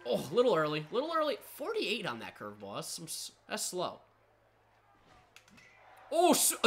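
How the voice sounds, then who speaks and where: Excitable woman calling a baseball game. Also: medium pitch, moderate pace, long pauses. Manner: excitable, talks to the players on screen. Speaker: gaming channel host. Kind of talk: live gameplay commentary.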